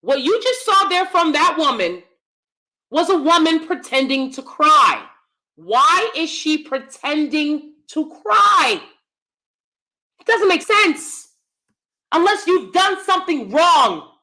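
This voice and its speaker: A woman's voice: high voice, sing-song, slow, pushed and bright. A woman hosting a commentary vlog, who speaks emphatically and often asks her viewers questions directly. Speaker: channel host; theater actor.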